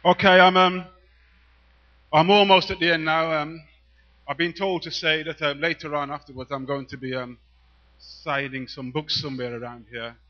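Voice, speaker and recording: A man's voice: a little high, normal speed, muffled recording. A man, a poet, performing rhythmic spoken-word verse and chatting loosely between pieces to a live audience. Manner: rhythmic, emphatic declaiming, relaxed asides with fillers. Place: live venue before an audience.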